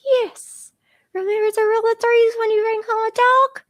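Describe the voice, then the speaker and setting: Lady putting on a squeaky little princess girl, jittery and gushy, kids radio show. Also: flat delivery, normal speed. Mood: earnest. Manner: breathless and gushing, squeals with emotion. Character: timid, excitable young princess girl. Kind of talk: children's radio show role-play.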